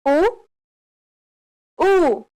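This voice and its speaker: A woman modeling single sounds and words with drawn-out, careful enunciation. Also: very high-pitched, sing-song, warm tone. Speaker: native-speaker pronunciation model. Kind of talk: slow isolated word pronunciation.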